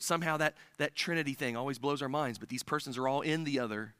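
Male preacher, earnest and emphatic, bright and close-miked. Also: mid-range voice, fast talker, few pauses, clean tone, no room sound. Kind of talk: sermon. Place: church.

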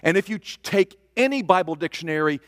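A man preaching a sermon, swinging from loud declarations to hushed asides. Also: high voice, lively intonation, brisk, studio quality. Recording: long reverb of a large hall.

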